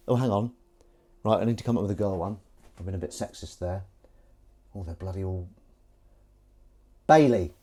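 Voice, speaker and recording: A man's voice: mid-range voice, very animated, moderate pace, long pauses, mellow. A man hosting a live stream, chatting casually and playfully while doing the washing up in his kitchen. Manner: playful, chatty, jumps into sing-song voices. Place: home kitchen at the sink.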